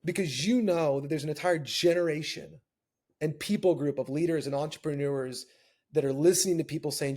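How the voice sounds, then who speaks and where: A man with a slightly high voice talks as a podcast guest. He tells candid stories with animated, earnest energy and slips into the voices of the people he quotes. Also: a little fast. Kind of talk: candid storytelling conversation.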